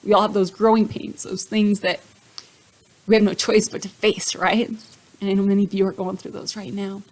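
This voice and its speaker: A woman's voice: medium pitch, flat delivery, normal speed, darkish tone, rough recording. A woman vlogger sharing her personal faith testimony, earnest and emotional, who keeps addressing her viewers directly with little check-ins. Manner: emotional, gets choked up.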